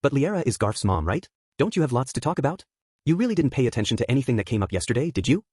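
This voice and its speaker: A man's voice: medium pitch, very animated, fast talker, darkish tone, slightly rough, dry recording, clean studio sound. A man voicing a cheerful, playful little beast-girl who teases and talks about herself in the third person, reading an audiobook. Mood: curious. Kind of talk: audiobook character voice.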